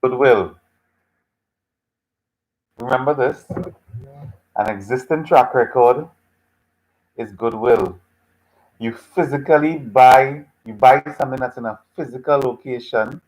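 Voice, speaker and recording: A man's voice: medium pitch, slow pace, long pauses, a little mellow, poor audio. A man teaching a live online class, reacting to students' chat answers in a patient, teasing way and repeating his phrases several times. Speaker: lecturer.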